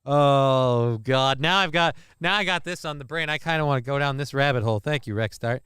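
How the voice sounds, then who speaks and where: A man's voice: medium pitch, fairly quick, fairly bright tone, clear, resonant tone, dry recording, clean studio sound. A man giving casual, rambling, sarcastic commentary as he reacts to a video.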